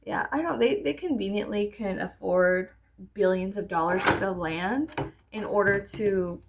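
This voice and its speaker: A woman in her thirties chats through a casual story-time vlog while doing her makeup, swearing freely with sarcastic asides. Her voice has a noticeable gravelly fry at a mid pitch. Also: unhurried, background noise. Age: 30s. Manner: profane, sarcastic, rambling. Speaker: vlogger.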